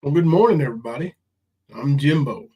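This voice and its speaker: A man chats loosely on a live stream, rambling and cussing casually. His nose is clearly stuffed up, and his voice sits a little on the high side for a man. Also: lively intonation, fairly quick, warm tone, low-quality recording.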